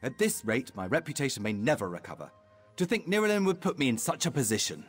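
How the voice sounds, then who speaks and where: A vain high elf noble in a video game, pompous and aloof, with a husky, breathy edge and a voice that rises and falls a lot. He sounds disdainful and self-absorbed, with faint game music behind him. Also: very animated, fast talker. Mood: haughty. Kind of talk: game voice acting.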